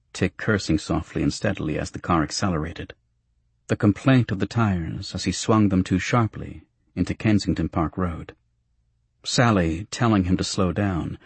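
A man reading a novel aloud as an audiobook narrator, in a measured, even, understated way. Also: fairly low pitch, breathy edge, dry recording.

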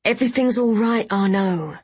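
A woman doing a calm, reassuring grown man. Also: medium pitch, normal speed, husky, natural voice.

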